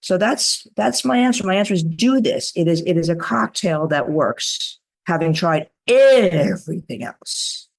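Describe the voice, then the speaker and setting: A woman guest, an author and creativity coach, telling anecdotes in an animated, theatrical way on a podcast. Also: on the low side, measured pace, gravelly, hardly any pauses. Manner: lively, theatrical, acts out voices in her anecdotes. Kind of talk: animated storytelling in a podcast interview.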